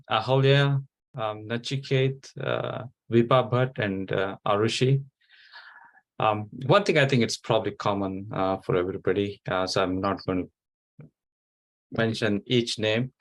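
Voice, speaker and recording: Halting man judging a debate. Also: mid-range voice, fairly bright tone. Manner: halting, hesitant. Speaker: debate judge. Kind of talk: spoken feedback.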